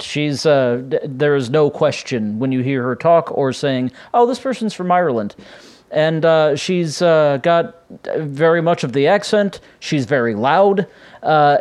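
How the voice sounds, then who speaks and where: A man's voice: on the high side, a little mellow. Chatty rambling man podcasting at home. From United States. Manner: rambling, chatty, frequent fillers and restarts. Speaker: podcast host. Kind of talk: casual solo podcast chat. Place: home room with his cats.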